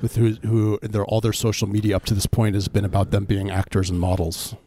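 Low, mellow man with halting speech. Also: level tone. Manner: halting, many fillers, dry humor. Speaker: podcast co-host. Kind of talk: casual chat.

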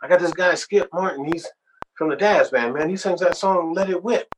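An eager middle-aged man makes hurried, casual introductions, as a storyteller quotes him. His voice rises slightly with excitement. A steady hiss underlies the recording. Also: high voice, pitched above the performer's own voice, natural voice. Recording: noisy background hiss.

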